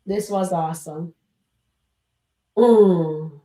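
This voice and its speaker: A woman's voice: lowish voice, drawn-out words, dark tone, echoey room. A woman hosting a live reaction stream, chatting casually and speaking straight to her viewers. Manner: chatty, addresses the chat directly.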